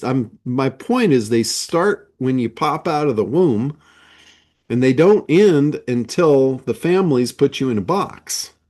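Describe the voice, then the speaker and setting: A man's voice: mid-range voice, darkish tone. A man giving a motivational talk as a business coach, stressing points with rhetorical questions. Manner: slow, emphatic, with rhetorical questions. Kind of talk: motivational monologue.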